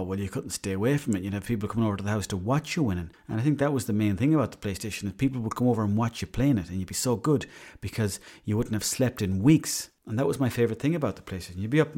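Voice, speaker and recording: A man's voice: on the low side, expressive, fast, mellow. An Irish man in his thirties hosting a solo podcast, chatty and rambling, swearing freely as he tells stories. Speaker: podcast host. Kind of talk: casual solo podcast monologue.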